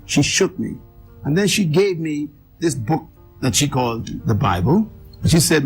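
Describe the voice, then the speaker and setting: A man recounting his life story as an interview guest, emphatic, with repeated phrases and dramatic pauses. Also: on the high side, sing-song, vocal fry, soft background music, rough recording.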